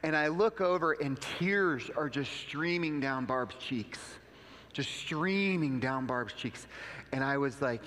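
A man's voice: medium pitch, moderate pace, a bit bright, long reverb tail, a little hiss or hum. A man pastor delivering a conversational sermon, telling stories with quoted asides and leading a prayer. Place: church sanctuary.

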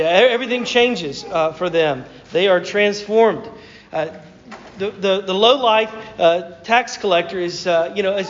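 A man with a Southern accent, preaching a sermon as a pastor, talking in a conversational, hesitant storytelling way with many fillers and restarts. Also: high voice. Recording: dull sound with long hall reverb.

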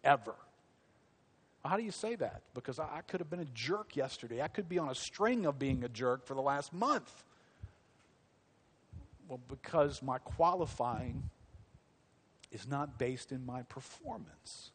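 Speaking at a moderate pace with a breathy edge, this man preaches in an animated, conversational style. His medium-pitched delivery is packed with rhetorical questions.

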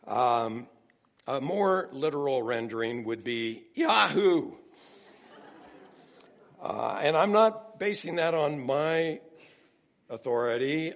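A man preaching a sermon, humorous and storytelling, who acts out quotes with rising excitement. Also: mid-range voice. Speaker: pastor.

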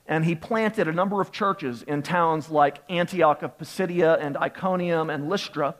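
A man's voice: a little high, moderate pace. A young adult man preaching a sermon, telling a self-deprecating personal story and laughing often. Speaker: pastor.

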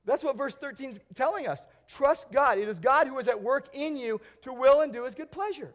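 A man preaching a sermon in a church, earnest, swinging between emphatic declarations and hushed, quiet stretches. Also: extremely high pitch, a little fast. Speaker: pastor.

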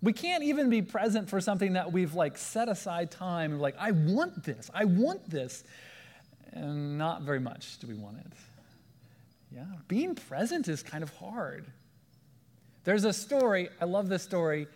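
Animated preacher man in a reverberant hall. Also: high-pitched, moderate pace. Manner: animated, acts out quoted voices. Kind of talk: sermon with storytelling.

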